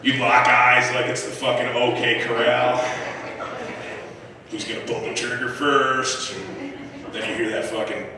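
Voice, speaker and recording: Man, stand-up comedian, profane and animated, live club stage, long reverb, audience noise. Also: medium pitch, measured pace, pauses often, a crowd in the background. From United States. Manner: profane, animated, acts out voices and shouts. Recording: echoey club room recorded from a distance. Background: audience laughter.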